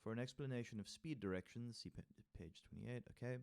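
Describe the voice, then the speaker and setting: This music theory teacher talks fast in a medium-pitched voice that's creaky and a little mellow. Working through a workbook as a tutorial, he reads aloud, adds offhand asides, and counts rhythms while tapping them with sung syllables.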